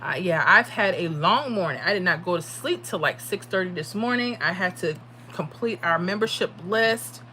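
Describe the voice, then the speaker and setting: Bright-voiced tired woman streamer. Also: fairly low pitch, animated, normal speed, a little hiss or hum. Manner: chatty, reads out viewer comments. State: tired from little sleep. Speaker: livestream host giving lottery predictions. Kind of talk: casual livestream chat.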